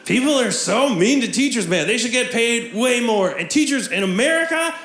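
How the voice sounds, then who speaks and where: A young man performing a live stand-up comedy set on a theatre stage, animated and breaking into shouts for punchlines. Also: very high voice, normal speed. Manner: laughs at his own jokes. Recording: echoey theatre with audience noise.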